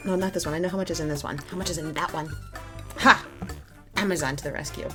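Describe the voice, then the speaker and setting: A woman's voice: sits low, steady tone, quick pace, music in the background. A woman in her thirties chatting casually at home as she unboxes beauty products, wry and self-mocking as she works through the prices. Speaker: beauty vlogger.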